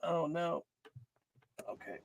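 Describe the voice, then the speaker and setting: A man's voice: on the high side, lively intonation, takes it slowly, vocal fry, no room sound. A man chatting casually from his desk, taking his time with every sentence and wandering through fillers and restarts. His voice sits mid-range and sounds close and dry, and he laughs easily between thoughts. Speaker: podcast co-host. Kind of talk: casual chat.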